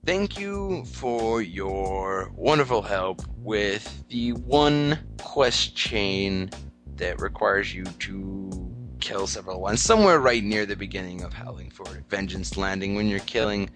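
A man's voice: fairly low pitch, animated, takes it slowly, a bit bright, soft background music. A man hosting a podcast segment, telling a comic gaming story and acting out the characters in a self-mocking way.

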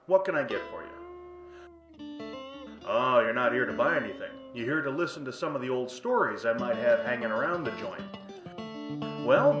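A man's voice: medium pitch, close to an everyday voice. A man voicing a jovial butcher and brewer who welcomes guests to hear old stories by the fire. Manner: folksy, welcoming storyteller. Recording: echoey, distant, muffled, with guitar.

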